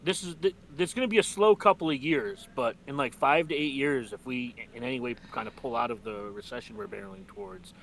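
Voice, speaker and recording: A man's voice: medium pitch, animated, a little fast, gravelly, few pauses, fairly bright tone, a little hiss or hum, poor audio. A man from the Midwest chatting casually in a wry, rambling way. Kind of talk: casual group chat.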